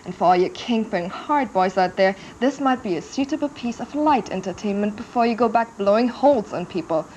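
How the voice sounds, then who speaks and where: A woman's voice: mid-range voice, lively intonation, brisk, few pauses, darkish tone, a little hiss or hum. A woman presenting a video game TV show in a wry, teasing manner. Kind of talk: scripted presenting with jokes. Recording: dull TV audio.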